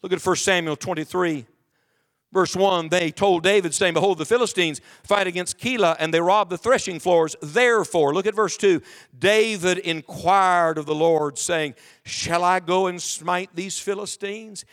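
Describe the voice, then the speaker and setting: A man's voice: sits high, normal speed, fairly bright tone. A male pastor preaching a sermon to his congregation, reading scripture aloud and asking the room emphatic questions. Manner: reads scripture aloud in King James wording. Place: church sanctuary with congregation.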